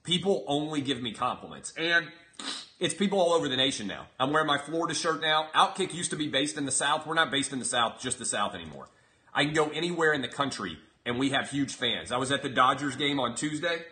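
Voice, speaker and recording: Brash, forceful male show host. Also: mid-range voice, animated, a little fast. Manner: brash, profane, mocking. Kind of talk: comedic commentary rant.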